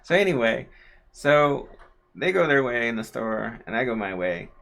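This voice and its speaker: A man's voice: lowish voice, expressive, brisk, vocal fry, pushed and bright. A man telling a long, casual story on a livestream, full of fillers and asides. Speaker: co-host, husband of the host.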